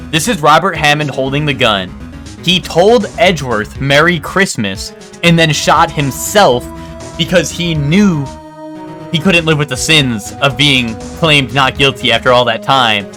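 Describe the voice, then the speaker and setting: A man's voice: a little high, normal speed, faint music behind. A man streaming a game live, reading its dialogue aloud and rambling to his chat. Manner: rambling, animated, scolds chat.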